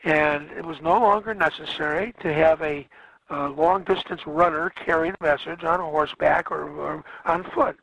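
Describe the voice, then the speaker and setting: A man's voice: a little high, normal speed, gravelly, fairly bright tone, no echo, low-quality recording. A man lecturing a class on history, rambling along and correcting himself with frequent fillers.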